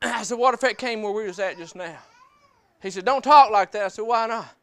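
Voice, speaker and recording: During a church service, a man preaches a sermon that blends personal testimony with scripture, speaking in plain, folksy language and repeating phrases for emphasis. His high voice sounds pushed and bright, and he talks a little fast.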